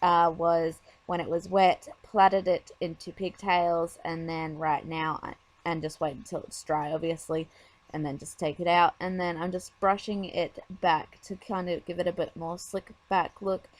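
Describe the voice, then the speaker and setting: A woman's voice: fairly low pitch, flat delivery, measured pace, dry recording. A woman talking casually over her makeup tutorial, chatty and rambling with lots of fillers.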